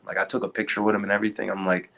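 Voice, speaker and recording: A man from the Philadelphia area, a wrestler guest, talking haltingly with repeated words and fillers. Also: on the low side, flat delivery, creaky, a bit bright. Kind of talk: casual interview chat.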